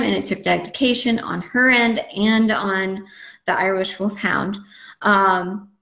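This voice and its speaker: A woman's voice: medium pitch, fairly even intonation, slow pace, gravelly, sharp tone. A woman dog trainer teaching a live webinar lesson in a chatty, conversational way, with frequent fillers. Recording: roomy echo.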